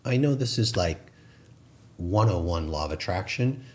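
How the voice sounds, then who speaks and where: A man's voice: low-pitched, lively intonation, moderate pace, darkish tone. A man co-hosting a spiritual talk show, chatting earnestly and laughing at himself. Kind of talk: casual spiritual chat.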